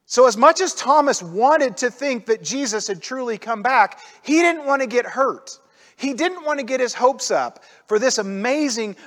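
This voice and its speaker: A man preaching a sermon in a casual, conversational way, often dropping into little acted-out voices. His voice sits high for a man. Long reverb trails after each phrase, as in a hall. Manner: conversational, animated, acts out quoted voices. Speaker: pastor.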